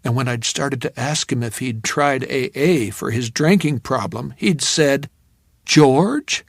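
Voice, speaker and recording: A man's voice: medium pitch, vocal fry, no echo. Dry, close-miked male audiobook narrator. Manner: measured, reflective storytelling. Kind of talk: scripted first-person narration.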